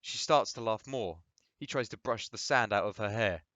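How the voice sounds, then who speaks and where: A man's voice: on the low side, normal speed, no echo. Man reading stage directions, dull dry sound. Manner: plain, steady stage directions. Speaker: reader. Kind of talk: reading a play aloud.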